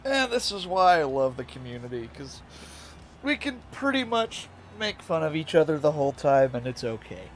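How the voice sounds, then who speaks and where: A man's voice: a little high, sing-song, normal speed, slight background noise. A young man doing casual live-stream commentary while playing a racing game, chatting with his viewers and laughing often. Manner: chatty, reads and answers chat, laughs often. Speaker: VTuber streamer.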